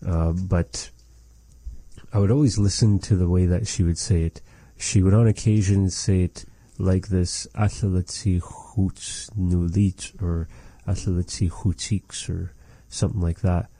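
A man teaching a language lesson, measured and repeating phrases to model how they are said. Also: low-pitched, fairly even intonation, warm tone, no room sound.

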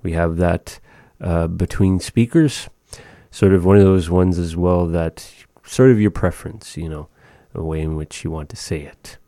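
A man teaching words of a language in a relaxed, chatty way, repeating each word slowly. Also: sits low, no room sound, studio quality. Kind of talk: casual language lesson.

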